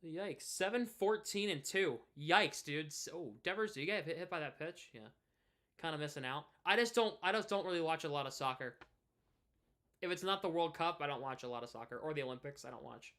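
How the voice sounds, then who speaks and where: Brisk and slightly high, with a sharp tone, a New England man of twenty rambles casually on his live stream. He streams and hosts a hockey podcast, and his talk is full of false starts and filler.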